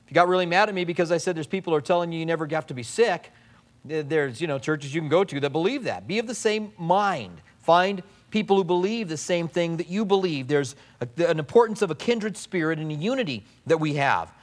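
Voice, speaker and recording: Man, pastor, mid-high pitch; casual sermon delivery with quick mimicry and restarts. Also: animated. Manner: conversational preaching with mimicked asides and restarts.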